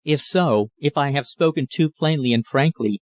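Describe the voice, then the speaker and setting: Male narrator as a young man pleading his love, mid pitch, dry close mic. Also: moderate pace, no echo, lightly acted. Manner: impassioned, pleading. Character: young male journalist, ardent lover.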